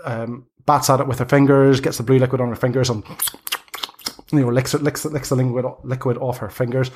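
A man narrating as game master for a tabletop game, halting and full of fillers. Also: mid-range voice, flat delivery, a little mellow, a little hiss or hum.

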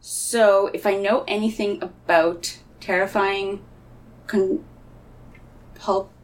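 A woman in a casual chat, brainstorming a story in an animated way and acting out bits of it. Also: medium pitch, slow. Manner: animated, acts out lines with laughter.

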